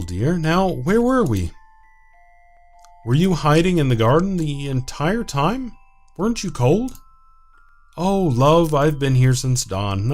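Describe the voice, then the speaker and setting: A sweet, courteous young woman with a soft, formal way of speaking, as a man reads her lines from a visual novel. Her voice sits higher than a man's usual and rises and falls freely as she talks. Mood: affectionate. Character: gentle young woman guest, polite and sweet.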